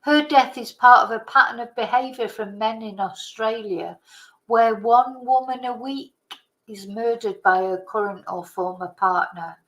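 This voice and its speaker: A woman talks through a news case on her channel and reads articles aloud. She speaks slowly and hesitantly and trips over hard names. Her voice sits a little high. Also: a bit bright, rough recording. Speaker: channel host. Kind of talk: casual commentary, reading articles aloud.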